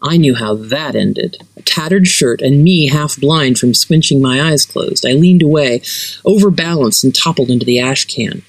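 Expressive fiction narrator, dry close sound. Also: normal speed, dry recording, low-quality recording. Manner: expressive, varied pitch. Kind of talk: fiction reading.

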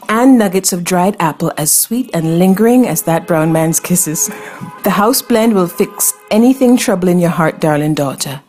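A man's voice: high-pitched, a little mellow. A woman voicing a flamboyant, teasing male cafe cook in drag, with a sing-song, flirtatious manner.

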